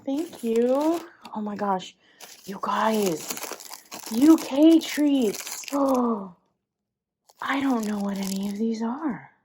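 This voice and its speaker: A young woman, chatting casually as she opens packages, gushing with excited exclamations. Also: on the high side, a little hiss or hum. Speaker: vlogger. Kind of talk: casual unboxing chat.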